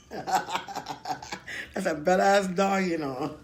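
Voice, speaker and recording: Woman streamer, mid-pitch voice, loose and playful chat to her viewers. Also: normal speed, slight background noise. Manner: chatty and playful, greeting viewers by name, laughing often. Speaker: live streamer. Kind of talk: casual live-stream chat while eating.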